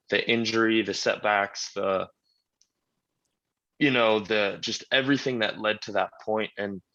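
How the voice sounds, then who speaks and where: A man with a low, bright, forceful voice tells his story bluntly and swears freely as a podcast guest. The audio is dull and lo-fi. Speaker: podcast guest, strongman champion. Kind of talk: casual interview chat.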